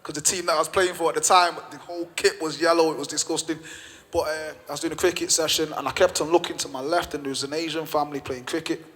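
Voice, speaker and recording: A man's voice: fairly high pitch, steady tone, fast, fairly bright tone. A man, a gym owner and podcast guest, telling a story with passionate emphasis and repeated phrases. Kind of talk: storytelling in conversation. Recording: long reverb.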